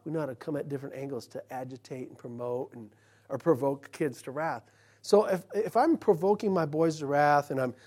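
High-voiced male pastor preaching conversationally. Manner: conversational preaching that swings from loud emphasis to hushed. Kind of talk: sermon. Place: church.

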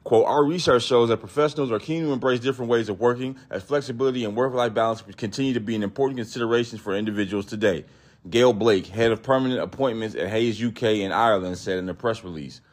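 A man hosting a podcast, telling a story in a casual, profane, animated way, acting out other people's voices. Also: mid-range voice, fast. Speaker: podcast host.

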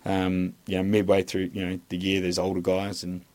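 The deep, low-pitched voice belongs to an Australian former army instructor guesting on a podcast, casually recounting army tales. He speaks in a monotone at normal speed with a slightly mellow quality. He swears a lot, loops back on himself with "um"s and false starts, and doesn't soften his views.

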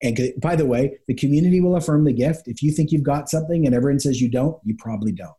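Pastor guy on a podcast, mellow low-key tone, keeps doing little voices of people in his stories. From Canada. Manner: animated storyteller, acts out quick voices of people. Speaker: pastor and author, podcast guest. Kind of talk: conversational interview.

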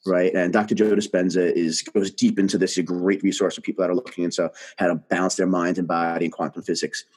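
Husky-voiced man telling a story. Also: sits low, fast talker. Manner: animated, emphatic storyteller. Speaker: guest. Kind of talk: casual conversation, storytelling.

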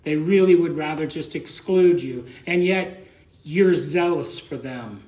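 A man's voice: a little high, measured pace, dark tone, reverberant. A man preaching a conversational sermon as pastor, plain-spoken and folksy, often repeating words as he thinks aloud.

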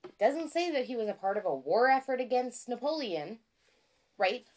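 A woman co-hosting a podcast in casual chat, excitable and self-deprecating, stumbling over words when she gets worked up. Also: fairly high pitch, moderate pace. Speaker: podcast co-host.

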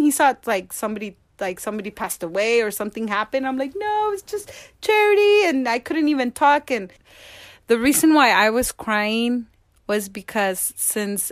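A married woman telling a personal story as an interview guest, acting out quoted dialogue with animated voices. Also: a little high, no echo, studio quality. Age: adult, married.

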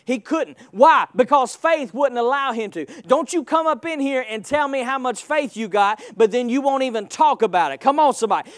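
A man, pulling the congregation into call and response. The sound is dry and close, and he swings from quiet asides to shouted lines. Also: very high voice, animated, moderate pace, few pauses, dry recording. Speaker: preacher. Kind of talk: sermon.

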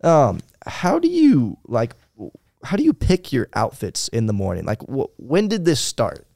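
A man's voice: medium pitch, wildly swooping pitch, a little slow, vocal fry, mellow, no room sound, studio quality. A young man from Pennsylvania co-hosting a student podcast, easygoing and affirming. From Wayne, Pennsylvania. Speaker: co-host.

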